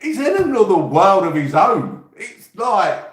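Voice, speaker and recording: A man's voice: high voice, big pitch swings, unhurried, echoey room. A man with an East Midlands English accent, rambling and swearing casually as he chats to viewers on his live stream. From England. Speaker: YouTube host.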